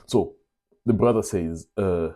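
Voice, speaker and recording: A man's voice: deep voice, takes it slowly, mellow. A young man hosting his own show, telling stories in a casual, confiding way and calling his listeners brothers. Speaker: vlog host. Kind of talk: casual storytelling monologue.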